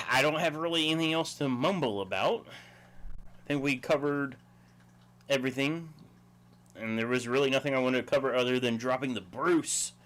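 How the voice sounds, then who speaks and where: Livestream host, male, easygoing, chuckly, mid-pitched, rambling chat. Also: fairly bright tone.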